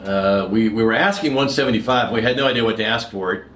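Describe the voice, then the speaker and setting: Fast-talking man in an echoey room. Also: fairly low pitch, fairly bright tone, a little hiss or hum. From San Antonio. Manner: quick, chatty, quotes a partner's dialogue. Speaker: guest, commercial real estate broker. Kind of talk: casual storytelling chat.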